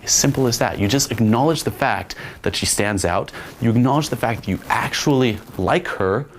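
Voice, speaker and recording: A man's voice: medium pitch, moderate pace, slight background noise. A man giving dating advice in a blunt, profane instructional monologue, often acting out little quotes. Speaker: dating coach.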